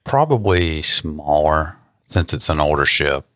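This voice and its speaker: A man's voice: rumbling low, expressive, unhurried, pushed and bright, no echo, studio quality. A young man co-hosting a podcast, reading history facts and joking about them. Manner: joking, reads facts then riffs. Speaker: podcast co-host. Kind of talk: casual chat and read history.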